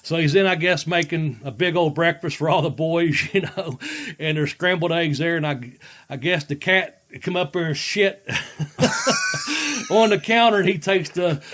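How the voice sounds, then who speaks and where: Folksy male podcast host, higher voice, rambling and laughing often. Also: a little slow, a bit bright. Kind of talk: casual storytelling chat.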